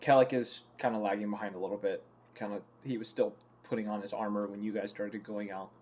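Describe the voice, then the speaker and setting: A young man narrating a tabletop game as game master, pausing often with fillers and restarts. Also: lowish voice, fairly even intonation, darkish tone. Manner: halting, many fillers and restarts.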